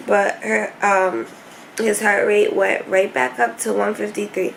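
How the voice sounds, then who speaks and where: A young woman telling her hospital story to camera in a casual vlog, emotional and rushed, with many fillers. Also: medium pitch, level tone, gravelly, a little hiss or hum, rough recording. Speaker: vlogger. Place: hospital room.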